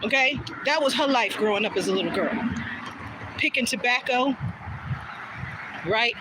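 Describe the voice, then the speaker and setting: This woman's voice is slightly high and expressive, moving at a moderate pace. She's a vlogger walking an outdoor trail, phone in hand, telling a chatty, casual story full of swearing and acted-out quotes. Outdoor noise runs behind her words.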